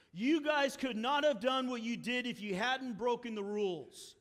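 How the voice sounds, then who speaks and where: Male pastor, high voice, lively sermon storytelling, echoey church hall. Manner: animated storytelling, acting out the characters' lines. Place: church sanctuary. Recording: long hall reverb.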